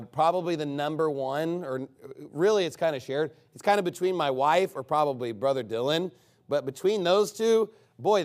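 Animated, sarcastic preaching man. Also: on the high side. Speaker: pastor. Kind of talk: sermon.

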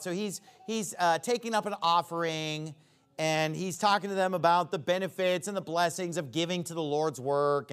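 Man, preacher, sermon, high voice, plain everyday talk, climbs for emphasis. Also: clear, resonant tone. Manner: rises high and loud for emphasis, drops low when explaining.

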